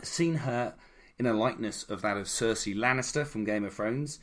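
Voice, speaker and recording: Low-voiced man telling history. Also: normal speed, a bit bright. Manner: irreverent, jokey asides. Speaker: podcast co-host. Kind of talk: casual history storytelling.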